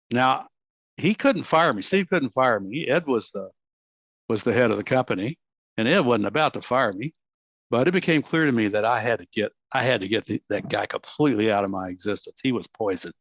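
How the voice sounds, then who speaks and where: An older man in his seventies with a Texan accent recounts his story with lively energy, slipping into the voices of the people he quotes. His recording sounds dull and dry, with no room around him. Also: mid-range voice, brisk, dry recording. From Texas, USA. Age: 70s. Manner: animated, acts out quotes, laughs often. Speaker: interview guest. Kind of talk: reflective storytelling.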